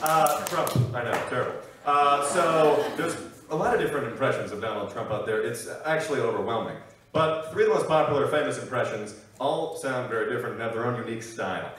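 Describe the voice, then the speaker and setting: A young man doing a stand-up comedy set, with quick, self-deprecating patter between impressions. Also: mid-range voice. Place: live comedy show venue. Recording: echoey room, distant mic, loud crowd.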